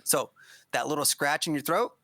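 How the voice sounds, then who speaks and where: Bright-voiced man coaching metal vocals. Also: fairly high pitch, moderate pace, no room sound. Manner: demonstrates growls and screams, many restarts. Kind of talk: casual teaching chat. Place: streaming setup, video call.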